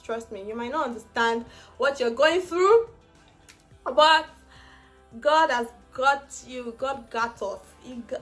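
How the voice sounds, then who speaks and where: A young woman with a high-pitched voice tells a personal story in her vlog, and her laughter often slides into tears. She shares it with earnest, faith-filled encouragement, and faint music plays behind her. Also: fairly bright tone. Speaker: vlogger.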